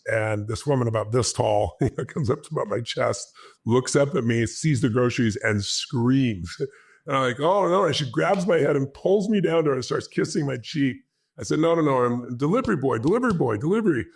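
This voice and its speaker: Gravelly husky man telling his story. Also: medium pitch. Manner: animated storytelling, acts out his own past lines. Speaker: interview guest. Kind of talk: personal storytelling in an interview.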